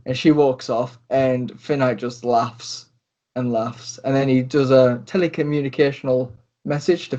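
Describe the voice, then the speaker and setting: Rambling game master, lo-fi sound. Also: male voice, medium pitch, fairly even intonation, unhurried, dark tone. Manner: rambling, with many ums and restarts. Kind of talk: narrating a tabletop role-play. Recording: dull lo-fi recording.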